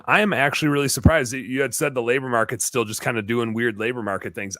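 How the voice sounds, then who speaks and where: A man's voice: fairly low pitch, a bit bright, dry recording. A man co-hosting a casual live stream, playful and joking as he reads viewer comments. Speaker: co-host reading viewer comments.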